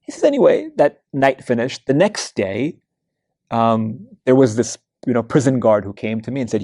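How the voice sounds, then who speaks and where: A man's voice: medium pitch, very animated, moderate pace, warm tone, husky, no room sound, studio quality. A man giving a weekly Quran study lecture, telling stories in a conversational way with many fillers and restarts. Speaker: religious lecturer. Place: mosque lecture hall.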